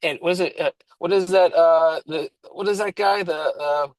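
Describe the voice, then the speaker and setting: A man's voice: fairly high pitch, normal speed, dry recording, rough recording. A man co-hosting an online recovery book study, talking casually and emphatically, swearing now and then and restarting his sentences. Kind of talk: casual online meeting talk.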